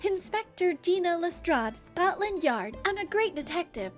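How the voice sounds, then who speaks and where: A cocky young police inspector bursts with slangy, boastful excitement, as a woman puts her on. Her voice sits high and brisk, read aloud from a story game with soft music underneath. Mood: excited.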